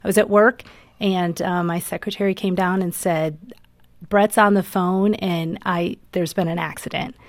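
A woman's voice: on the low side, steady tone, moderate pace, dry recording. A mother, a guest on a radio interview, tells her story in an earnest, emotional way. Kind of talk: personal testimony in an interview.

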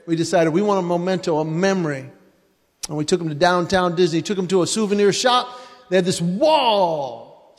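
A middle-aged man doing animated stand-up comedy for a live audience, acting out stories about his children. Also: high-pitched, in a large hall. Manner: animated storyteller acting out his kids and himself.

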